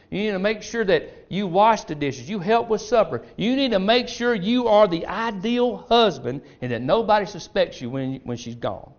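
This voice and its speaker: A sly middle-aged father who coaxes and confides as he lays out a plan, fairly high for a man, as a preacher puts him on. The sound is muffled and lo-fi, like an old church tape. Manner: coaxing, confiding instructions. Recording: dull lo-fi recording.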